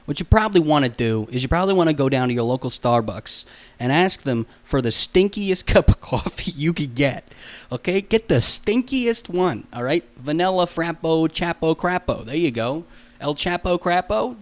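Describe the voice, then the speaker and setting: Young man, solo podcast host, rambling, goofy, swears a lot, slightly high voice. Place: room alone.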